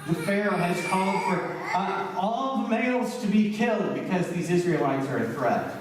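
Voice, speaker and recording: A man's voice: high-pitched, lively intonation, normal speed, noisy background. A male pastor preaching a sermon in a conversational way, asking the congregation questions. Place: church sanctuary. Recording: echoey church hall, distant mic.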